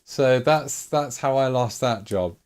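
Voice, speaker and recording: A man's voice: medium pitch, slow pace, a little mellow, smooth. A man streaming, telling a rambling story with lots of swearing and fillers. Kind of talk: casual storytelling.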